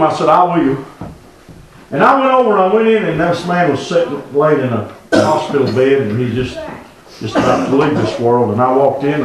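A man preaching a revival sermon, swinging from hushed tones to near-shouting. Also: on the high side, far from the mic. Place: church sanctuary. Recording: very echoey church room.

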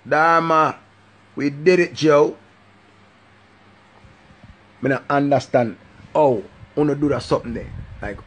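Jamaican guy on his live stream, patois rant, mid-pitched, goes all sing-song on his catchphrase.

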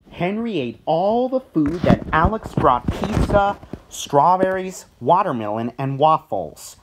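Slow, expressive storybook reader. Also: mid-range voice, background noise. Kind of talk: storybook read-aloud.

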